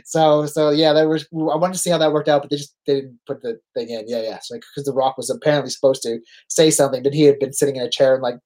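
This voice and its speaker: A Canadian man in his forties chats as a podcast guest, spinning animated anecdotes. He slips into quoted voices and laughs easily, with a middle-pitched voice. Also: quick pace, few pauses. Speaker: guest, veteran pro wrestler. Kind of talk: casual storytelling chat.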